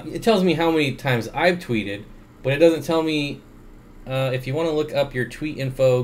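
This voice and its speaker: A man's voice: fairly high pitch, slight background noise. A man hosting a casual livestream Q&A from home, rambling with many fillers as he reads and answers chat at his computer through a desk microphone.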